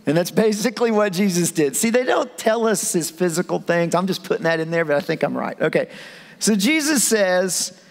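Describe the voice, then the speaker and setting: Brief: male pastor, playful storyteller, slightly high voice, echoey auditorium. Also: lively intonation, moderate pace. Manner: humorous, conversational, acts out scenes. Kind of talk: sermon. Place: church auditorium. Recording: echoey church hall.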